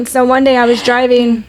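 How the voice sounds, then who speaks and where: A woman's voice: sits high, steady tone, unhurried. A woman in her thirties, a podcast co-host, telling candid, profane stories in casual chat and laughing often.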